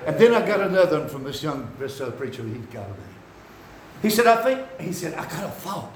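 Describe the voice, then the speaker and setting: A man preaching a rambling, folksy sermon that climbs into shouts. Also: on the high side, very animated, fairly quick, a little hiss or hum. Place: church. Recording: echoey hall from far off.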